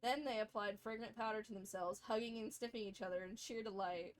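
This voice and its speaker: A woman's voice: mid-range voice, steady tone, a little fast. A woman streamer at home at her computer, reading game lore aloud and chatting, often stumbling over words and giggling.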